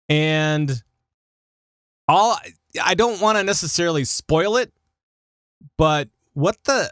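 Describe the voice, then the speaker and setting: A man's voice: on the high side, no echo, clean studio sound. A man hosting a gaming podcast in casual chat, rambling with lots of fillers. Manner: animated, chatty, lots of fillers. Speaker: podcast host.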